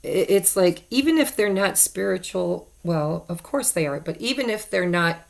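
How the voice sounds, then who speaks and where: A woman's voice: lowish voice, lively intonation, normal speed, gravelly. A woman giving a casual tarot card reading to her viewers, chatty and repeating herself for emphasis. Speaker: tarot reader.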